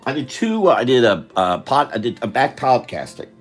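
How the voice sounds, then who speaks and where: A man's voice: medium pitch, sing-song, normal speed, soft background music. An older man chatting on a live stream while he draws, rambling and interrupting himself, tired. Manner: meandering, self-interrupting, chatty.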